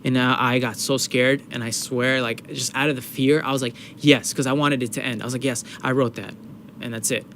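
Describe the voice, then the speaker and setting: A man's voice: medium pitch, a little fast, slight background noise. A man from New York hosting a casual podcast chat, telling a personal story with feeling and acting out the people in it. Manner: animated storytelling, acting out quoted voices; emotional, open, swearing casually.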